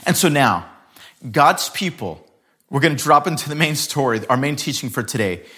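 A man preaching a sermon as a pastor, telling scripture as a dramatic story and changing his pace and loudness often. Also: medium pitch, animated, moderate pace.

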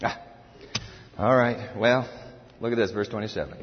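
A man preaching a sermon to a congregation, animated, acting out a pleading servant in a whiny high voice. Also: moderate pace, a little hiss or hum. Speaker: pastor. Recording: dull, lo-fi audio with long hall reverb.

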